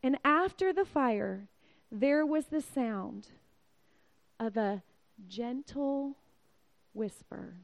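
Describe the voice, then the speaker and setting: A woman in her forties preaching a sermon, her delivery swinging from loud, excited outbursts down to near-whispers. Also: high voice, very slow, gravelly, pauses often.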